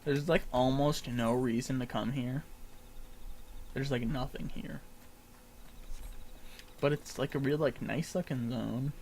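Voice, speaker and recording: A man's voice: medium pitch, fairly even intonation, measured pace, long pauses, a little mellow, a little hiss or hum. A young man streaming a game, chatting casually with lots of fillers and laughs. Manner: rambling, filler-heavy, laughs often. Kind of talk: casual gameplay commentary.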